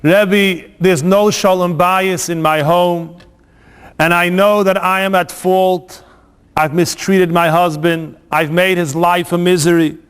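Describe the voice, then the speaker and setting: A man's voice: sits high, level tone, slow pace, clean tone, voice pushed down. A man voicing a desperate young wife who pleads for help, asking the same questions again and again, heard with a long reverb. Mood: pleading. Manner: pleading, breaking into repeated questions.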